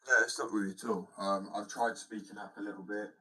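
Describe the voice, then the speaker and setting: A man with a deep, mumbly voice, chatting casually on a stream, rambling, looping back on his point and swearing offhandedly. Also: fast talker. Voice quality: naturally deep voice, mumbly when relaxed. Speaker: fingerboard streamer. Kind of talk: casual live-stream chat. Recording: built-in mic, a little distant.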